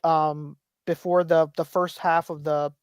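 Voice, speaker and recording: A man's voice: a little high, flat delivery, unhurried, clean tone, dry recording, clean studio sound. A man in his thirties co-hosting a podcast, telling rambling stories, swearing freely and acting out quotes. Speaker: podcast co-host. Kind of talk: casual chat.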